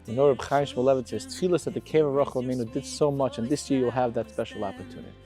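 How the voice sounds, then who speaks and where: Man, heartfelt storytelling, mid-pitched voice, soft music underneath. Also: racing. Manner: emotional, rising intensity on quotes. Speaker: storyteller for a charity. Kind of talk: earnest storytelling with appeal. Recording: faint background music.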